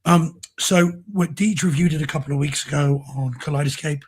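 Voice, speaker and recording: A man co-hosting a casual home theater chat show, his voice going hoarse, talking with enthusiasm about films and discs. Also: on the high side, steady tone, a little fast. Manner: enthusiastic, effusive. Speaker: co-host.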